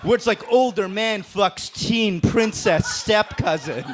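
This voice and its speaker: A man's voice: high voice, takes it slowly, noisy background. A man doing a crude, brash roast-battle stand-up set on stage. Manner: brash, crude punchlines with laughs. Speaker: stand-up comedian. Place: comedy stage before a live audience.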